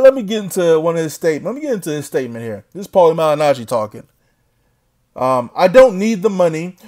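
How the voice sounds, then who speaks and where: A young man ranting to camera as a boxing vlogger, mocking and full of slang. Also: a little high. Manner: trash-talking, slangy, mocking.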